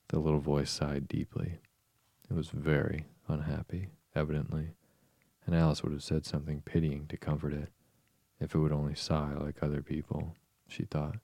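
A man narrating an audiobook in a measured, even way. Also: very deep voice, gravelly, no echo.

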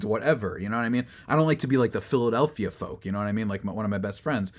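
A young man hosting a solo sports recap, rambling and exasperated, building to loud outbursts. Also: lowish voice, very fast. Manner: rambling with fillers and restarts. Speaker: sports podcast host.

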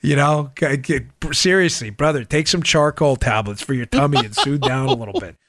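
A man hosting a political podcast, delivering a sarcastic, animated commentary monologue. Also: moderate pace, no room sound, clean studio sound. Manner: animated, sarcastic, mimics people in high voices. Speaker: podcast host.

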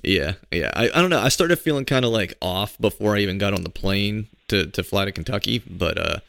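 A middle-aged man hosts a casual podcast in a hoarse voice, because he is getting over a cold. His voice sits very low and gravelly, and he talks in an easygoing way. The recording is dry and close to the mic. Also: lively intonation, a little fast, a bit bright, dry recording. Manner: laid-back, chatty, laughs often. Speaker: podcast co-host.

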